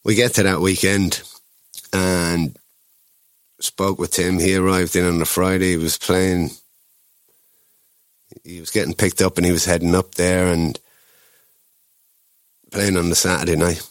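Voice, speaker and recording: A man's voice: low voice, level tone, unhurried, pauses often, no room sound. An Irish man, a guest, telling a rambling story with lots of restarts and acted-out quotes. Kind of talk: casual anecdotal storytelling.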